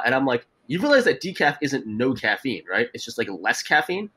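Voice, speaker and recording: Young man, podcast co-host, casual chat, animated storytelling, swears freely. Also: medium pitch, brisk, few pauses, husky.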